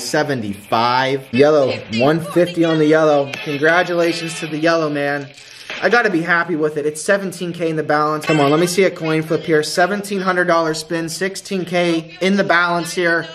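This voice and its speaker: A man streaming a live casino game, pleading and chanting at the wheel and breaking into loud shouts. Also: on the high side, moderate pace, slight background noise. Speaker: gambling streamer. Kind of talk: excited live casino commentary.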